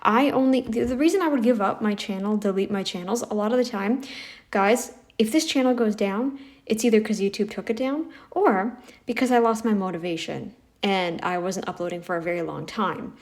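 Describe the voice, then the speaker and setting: A woman's voice: mid-range voice, normal speed. A woman giving sarcastic reaction commentary in a blunt, mocking, scornful way, recorded on a phone mic.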